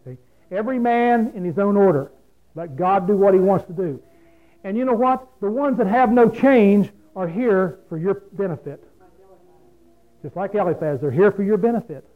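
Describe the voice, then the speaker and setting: A man's voice: high voice, normal speed. Folksy preacher man on a tinny line. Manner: folksy, plain-spoken, asks the listeners questions. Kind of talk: folksy sermon. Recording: phone-like lo-fi radio broadcast.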